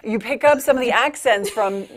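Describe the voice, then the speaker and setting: A woman's voice: a little high, brisk. Conversational morning show co-host woman. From New Jersey. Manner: conversational, chiming in with reactions. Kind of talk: casual studio banter.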